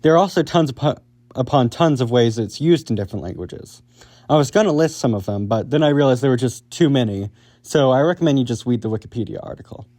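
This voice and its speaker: A man's voice: mid-range voice, animated, fast talker, dark tone. A man hosting an educational video, reading a casual, upbeat script. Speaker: video host explaining linguistics.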